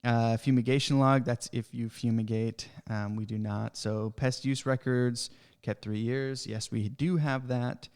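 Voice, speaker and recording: A frustrated man hosting a casual podcast, ranting about red tape in a heated, worked-up way. His voice sits at an ordinary middle pitch for a man. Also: fairly even intonation, measured pace, a little mellow, clean tone. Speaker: pest control business owner, podcast host.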